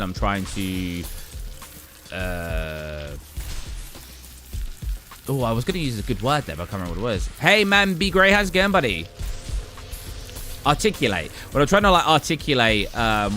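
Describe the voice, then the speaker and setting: A man's voice: lowish voice, sharp tone. A man from England with an English accent, chatting casually and laughing often to a live-stream audience.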